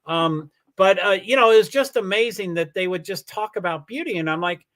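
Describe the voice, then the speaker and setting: A man's voice: high-pitched, normal speed, fairly bright tone. A man hosting a casual livestream, answering viewer comments in a rambling way with many restarts. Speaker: livestream host.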